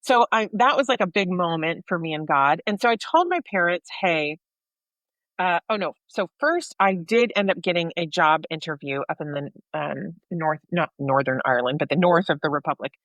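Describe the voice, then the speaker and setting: An American woman co-hosting a podcast, telling a personal story in a lively way and acting out the voices of people in it. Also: on the low side, normal speed, no echo, dull audio. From United States. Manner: animated storyteller, acts out dialogue. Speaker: podcast co-host sharing her faith story.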